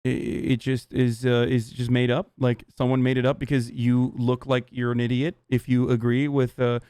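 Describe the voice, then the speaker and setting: A man streaming live, ranting heatedly at his chat with lots of swearing and halting restarts. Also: mid-range voice, flat delivery, warm tone, smooth, no room sound, studio quality. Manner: profane, agitated, halting restarts.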